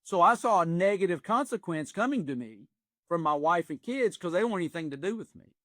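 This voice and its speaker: A man's voice: sits high, lively intonation, fairly quick, a bit bright, no echo, studio quality. A man in his sixties, an executive coach, telling stories in earnest with folksy phrasing in a podcast interview. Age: 60s.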